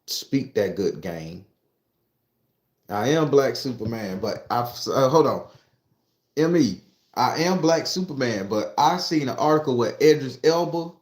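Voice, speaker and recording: A man working as a tarot reader and spiritualist, lecturing his followers in a swearing, preachy style that keeps breaking into jokes. His voice sits at an ordinary pitch for a man. The room around him gives a roomy echo. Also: darkish tone. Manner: profane, preachy, joking asides. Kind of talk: casual monologue to followers.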